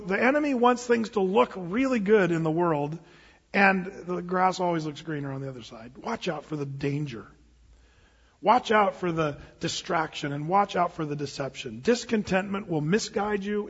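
A man's voice: high voice, a bit bright, breathy edge. A middle-aged man preaching a sermon as pastor, casual and conversational, quizzing the congregation. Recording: dull live recording in a reverberant hall.

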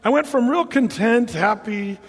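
Animated pastor with a high voice. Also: male voice, a little slow, breathy edge. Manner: storytelling, animated, bursts into loud exclamations. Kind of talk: sermon. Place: church hall. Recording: church hall reverb.

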